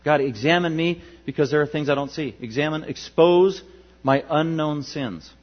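Husky preaching man, lo-fi hum. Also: a little high, moderate pace. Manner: emphatic preaching with sudden loud peaks and quiet drops. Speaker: pastor. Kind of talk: sermon. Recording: dull lo-fi with mains hum.

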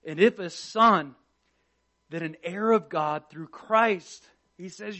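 A pastor preaching a sermon with passion, swinging between loud emphasis and hushed tones as he quotes scripture. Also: high-pitched, slow pace. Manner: quotes scripture and acts out prayers.

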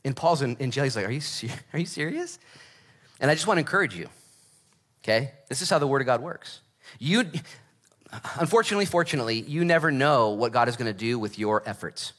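A middle-aged man preaching a sermon as pastor, reading scripture and telling stories with lively acted voices. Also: mid-range voice, quick pace. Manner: animated storytelling with acted voices.

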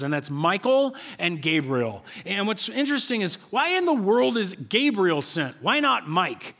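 A male pastor giving a conversational sermon in a church, animated and full of rhetorical questions and repeated phrases. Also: sits high, normal speed, few pauses.

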